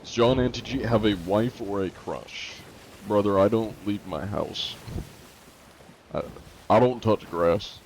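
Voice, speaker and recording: A man's voice: on the low side, a little slow, a little hiss or hum. A young man streaming live, chatting casually with viewers and joking at his own expense. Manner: jokey, self-deprecating, answers chat.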